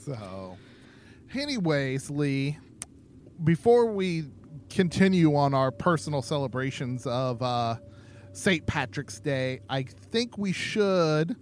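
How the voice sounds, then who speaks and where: A man's voice: a little high, a little hiss or hum. A man co-hosting a podcast in casual chat, jokey and playful, laughing often. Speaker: podcast co-host.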